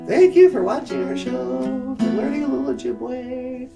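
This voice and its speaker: A woman's voice: high-pitched, animated, normal speed, creaky, hardly any pauses, over music. A woman hosting a show, telling a children's story in a rambling way with sarcastic asides. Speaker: host. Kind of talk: comic storytelling.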